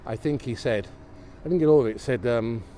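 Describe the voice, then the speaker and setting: A man talks to his live-stream audience while walking outdoors through snow and wind at night, filming on a gimbal-mounted iPhone. His medium-pitched voice moves fairly quickly, and he exclaims at the sights with gentle enthusiasm, regularly asking viewers things.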